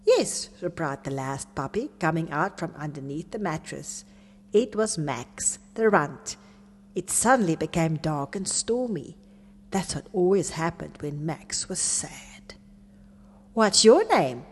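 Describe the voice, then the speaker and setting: A woman reading a children's story aloud in an expressive, animated way. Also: sits low, a little slow, slightly rough. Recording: long reverb.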